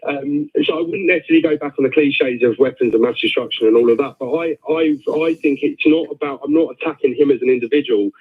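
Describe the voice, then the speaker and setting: A man in his thirties calling a radio phone-in, making a thoughtful, measured argument. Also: medium pitch, big pitch swings, gravelly, breathy edge. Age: 30s. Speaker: caller. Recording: tinny phone line.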